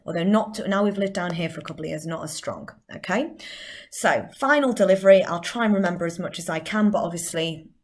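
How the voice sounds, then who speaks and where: A woman's voice: on the low side, fast talker. A woman with a Northern English accent, a drama teacher giving a chatty recorded lesson and explaining step by step.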